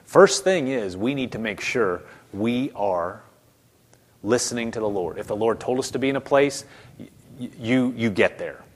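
A man's voice: medium pitch, lively intonation, normal speed, slightly rough. A man preaching a sermon in a conversational way, stumbling over repeated words and acting out quoted voices. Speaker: pastor.

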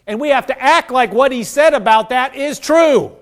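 A man's voice: extremely high pitch, moderate pace, fairly bright tone. A man preaching a sermon, earnest, acting out the prayers of the people he addresses. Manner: earnest, acts out prayers in quoted voices.

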